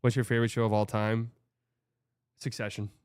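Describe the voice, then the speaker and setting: Smooth-voiced young man chatting loosely. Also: lowish voice, level tone, brisk, no echo, clean studio sound. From Texas. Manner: rambling, loose, chatty with filler words. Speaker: host reading viewer comments. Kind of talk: casual livestream chat.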